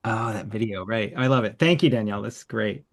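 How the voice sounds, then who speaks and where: A man's voice: fairly low pitch, fairly quick, vocal fry. A man hosting an online art workshop over a video call, giving enthusiastic, encouraging feedback. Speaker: workshop host.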